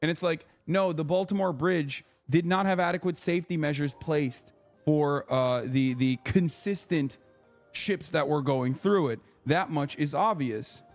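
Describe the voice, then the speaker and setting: A man on a livestream, talking through political commentary in a profane, emphatic rant. His voice sits fairly high for a man. Faint music plays underneath. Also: a little slow.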